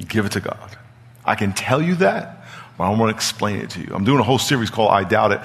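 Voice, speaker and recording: Animated pastor preaching in an echoing hall. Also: male voice, on the high side. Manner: animated, laughing, swings from loud calls to quiet talk. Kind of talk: sermon. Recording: long hall reverb.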